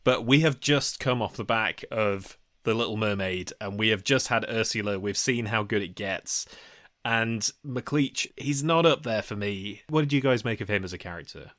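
A man's voice: lowish voice, normal speed, fairly bright tone, no echo, clean studio sound. A man co-hosting a film podcast, chatting bluntly and giving frank opinions in casual discussion. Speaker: podcast co-host.

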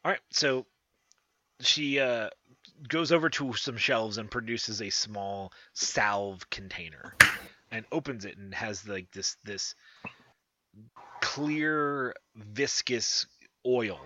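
A man narrating as game master of a tabletop game, with halting, filler-filled descriptions. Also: on the low side, pushed and bright, a little hiss or hum.

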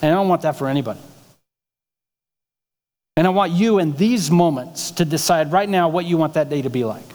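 High-voiced pastor preaching in a hall. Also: male voice, darkish tone. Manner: conversational preaching with rhetorical questions. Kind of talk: sermon. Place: church sanctuary.

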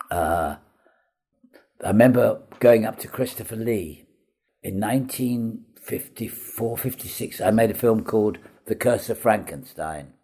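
An older man, an actor, telling anecdotes in an interview, chatty and animated, acting out the voices of the people in his stories. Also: lowish voice, husky. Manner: chatty raconteur, acts out quoted voices, laughs at own stories. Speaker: comedy actor guest.

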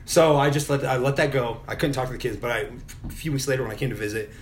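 A man's voice: medium pitch, quick pace, slight background noise. A middle-aged man telling a personal story in a casual podcast chat, candid and full of swearing. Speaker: podcast guest.

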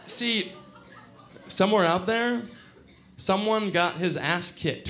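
Young guy, fairly high voice, cursing storyteller with wry, lively timing. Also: takes it slowly, pauses often, background noise. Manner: profane, wry, animated delivery. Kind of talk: live storytelling performance.

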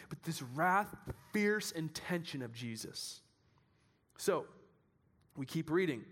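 A pastor preaching a sermon in a church, animated and building to shouts at its peaks, often restarting his sentences. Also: a little high.

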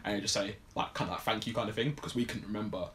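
A man's voice: lowish voice, fairly even intonation, very fast, a bit bright, a little hiss or hum. A man casually recapping a film plot on a podcast, rambling with lots of fillers. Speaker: podcast co-host. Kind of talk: casual film review chat.

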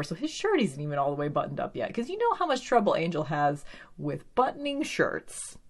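Woman, casual TV recap, animated, lots of filler words, a bit low-pitched. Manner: animated, frequent "like", swearing. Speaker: TV episode recapper. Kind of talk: casual chat recapping a TV episode.

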